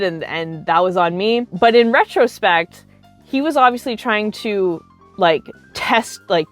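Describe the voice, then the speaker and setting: Chatty lower-voiced woman vlogger. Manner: chatty, animated, heavy use of filler "like". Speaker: cosplay vlogger. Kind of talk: casual storytime.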